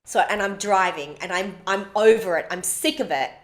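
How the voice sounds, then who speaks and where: A woman co-hosting a podcast, sharing a personal story. She talks bluntly and with emphasis, throwing in swear words. Her voice sits at an ordinary middle pitch. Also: normal speed. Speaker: podcast co-host. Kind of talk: casual chat, personal storytelling.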